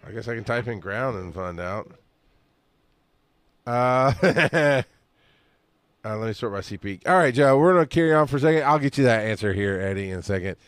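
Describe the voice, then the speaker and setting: A man's voice: medium pitch, lively intonation, normal speed, pauses often, smooth, dry recording, studio quality. A man co-hosting a podcast in casual chat, joking and teasing, now and then slipping into put-on voices. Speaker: podcast co-host.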